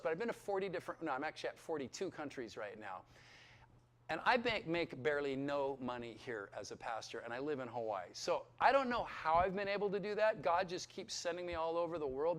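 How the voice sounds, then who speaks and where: Animated preaching man, high voice. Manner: animated storytelling, acts out dialogue; emotional, near tears. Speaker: pastor and Bible school teacher. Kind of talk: testimony talk to students. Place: Bible school hall.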